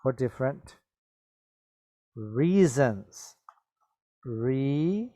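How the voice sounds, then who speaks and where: A male English teacher with a middle-pitched voice talks slowly and patiently. He repeats each word and keeps checking that his students follow with a quick "okay?". He is recorded close to the mic in a dry room with no echo. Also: expressive, dark tone. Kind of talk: classroom vocabulary lesson.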